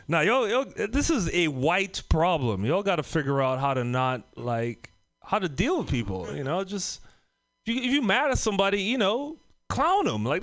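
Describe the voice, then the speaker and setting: A man's voice: high-pitched, fairly bright tone. A man from Trinidad doing a stand-up set, loose and profane, laughing at his own jokes on a comedy club stage. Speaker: stand-up comic.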